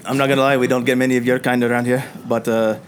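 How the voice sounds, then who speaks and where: A man voicing a gruff, businesslike male dwarf blacksmith in a put-on Scottish accent. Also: mid-range voice, level tone, very fast, a crowd in the background, lightly acted.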